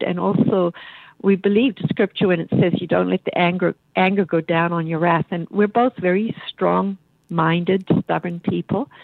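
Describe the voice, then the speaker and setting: Gravelly older woman, tinny phone line. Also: fairly low pitch, no echo. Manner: warm, reflective, halting. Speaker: widow. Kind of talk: emotional interview.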